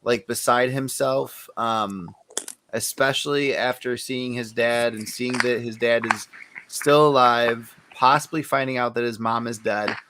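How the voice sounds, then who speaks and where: A man in the middle of his usual pitch, chatting easily on a comics podcast. He talks in a loose, rambling way, laughs a lot and builds out long theories step by step. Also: a little slow, slight background noise. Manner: relaxed, laughs often, lays out fan theories at length. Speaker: podcast co-host. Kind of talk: casual chat.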